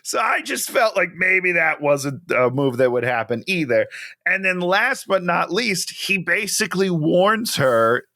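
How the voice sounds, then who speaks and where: A man's voice: high-pitched, animated, sharp tone, no room sound, studio quality. A man co-hosting a casual movie chat, joking wryly and laughing often. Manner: joking and wry, quick to laugh. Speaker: podcast co-host.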